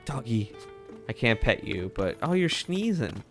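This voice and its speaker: A man's voice: medium pitch, sing-song, a little slow, faint music behind. A man giving casual let's play commentary as a video game streamer, chatty, swearing and laughing often.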